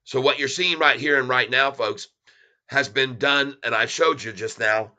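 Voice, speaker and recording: A man's voice: medium pitch, normal speed, pushed and bright. A man hosting a casual stock livestream, chuckling often as he reads the chat aloud and talks straight to viewers.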